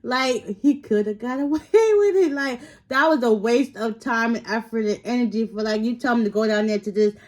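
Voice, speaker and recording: Excited American woman reacting. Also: on the high side, moderate pace, few pauses. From United States. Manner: excited, giggly, slangy. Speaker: reaction video host. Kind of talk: casual reaction commentary.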